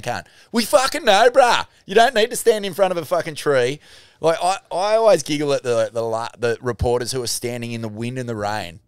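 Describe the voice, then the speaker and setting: An Australian man riffing casually on a surf podcast, swearing freely and laid-back in his delivery. His voice is smooth and clear at a middle pitch, recorded close and dry. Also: dry recording. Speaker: podcast co-host. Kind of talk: casual chat.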